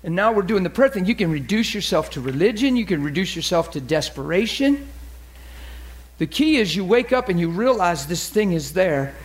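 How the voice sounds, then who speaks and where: Man, pastor, high voice, animated sermon, acts out voices. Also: moderate pace.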